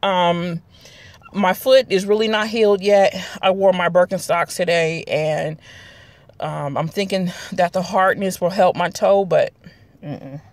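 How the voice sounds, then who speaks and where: A woman's voice: on the low side, steady tone, measured pace, dry recording. A woman, chatting casually to her viewers in a rambling vlog. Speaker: vlogger. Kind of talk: casual chat to camera.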